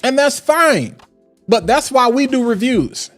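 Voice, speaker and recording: A man reviewing fragrances on a casual live stream, talking in an animated, emphatic and slangy way. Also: very high-pitched, a little slow, soft background music.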